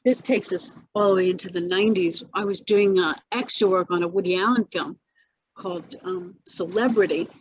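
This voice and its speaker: A woman's voice: on the low side, normal speed, slightly rough, lo-fi sound. Rambling woman recalling acting days. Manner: rambling, many restarts and fillers, laughs often. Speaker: actress interviewee. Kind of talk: casual interview recollection.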